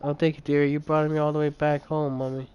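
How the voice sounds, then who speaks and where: A man's voice: on the high side, level tone, fairly quick, darkish tone, smooth, highs cut off, lightly acted. A man voicing a doting older woman in a game, cooing and motherly over her cat.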